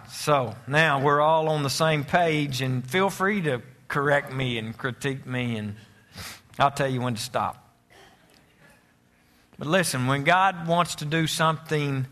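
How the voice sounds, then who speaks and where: A man's voice: on the high side, sharp tone. A man, preaching a sermon as pastor, joking with the congregation and stretching words out for emphasis. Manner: joking asides, preaching cadence with drawn-out emphasis.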